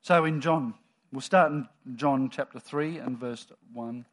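A man preaching a sermon to his congregation in a relaxed, conversational storytelling manner. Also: medium pitch, unhurried.

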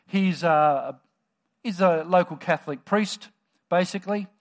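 A man with a slightly higher-than-usual voice preaches a sermon in a church. He talks in a relaxed, conversational way and tells the story with lively energy. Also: measured pace.

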